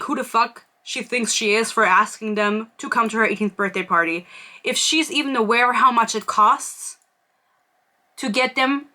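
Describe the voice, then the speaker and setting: A young woman from Germany chats casually as a podcast host, spinning gossip in a loose, rambling way. Her voice is bright and clear, and her sentences are packed with fillers. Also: a little high. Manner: chatty, gossipy storytelling with frequent "like" fillers. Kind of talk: casual chat.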